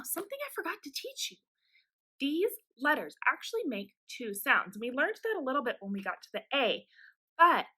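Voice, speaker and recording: A woman's voice: high-pitched, bright, forceful tone, rough recording. A woman teaching a phonics lesson to young children in an upbeat, encouraging way, drawing out the letter sounds.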